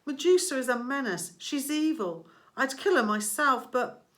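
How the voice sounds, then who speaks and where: A woman's voice: high-pitched, lively intonation, normal speed, fairly bright tone, pitched above the performer's own voice. A woman voicing a clever teenage girl who gives urgent, commanding instructions.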